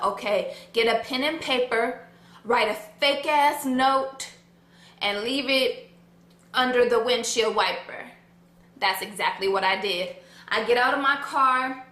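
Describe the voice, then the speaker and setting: A young woman with a bright, high voice tells her own story in a casual, dramatic way, cursing freely. Her voice rings in an echoey room. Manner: animated, dramatic, swears freely.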